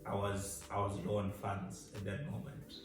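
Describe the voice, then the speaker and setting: A man from Zimbabwe tells a story in a loose, chatty, self-mocking way. He sounds distant in a very echoey room, with soft music running underneath. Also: fairly low pitch, little pitch movement, normal speed. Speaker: vlog co-host. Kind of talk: casual storytelling.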